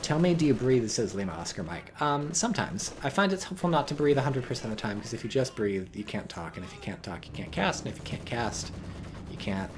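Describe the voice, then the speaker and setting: Low-voiced guy streaming a strategy game, wry jokey commentary, bouncy intonation, noisy mic hiss behind. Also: animated, a little fast. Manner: wry, joking, rambling asides while reading chat.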